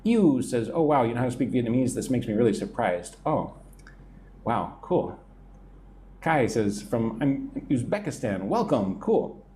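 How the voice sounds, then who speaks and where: American male English teacher, live stream on a phone, chatty, responds to viewer comments, expressive pitch. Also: unhurried, a little hiss or hum. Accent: General American. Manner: chatty, reads viewer comments aloud and answers them.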